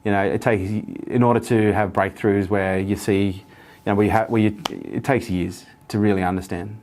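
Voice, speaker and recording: A man's voice: on the low side, steady tone, moderate pace, a little mellow, slight background noise. A man talking earnestly in an interview, telling stories with lots of repetition. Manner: earnest, storytelling, repetitive phrasing. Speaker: interview guest. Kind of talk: motivational interview talk.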